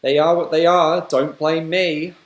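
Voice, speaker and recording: A man's voice: on the high side, little pitch movement, unhurried. A man with an Australian accent, hosting a reaction video with chatty, rambling commentary and self-deprecating asides. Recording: echoey room.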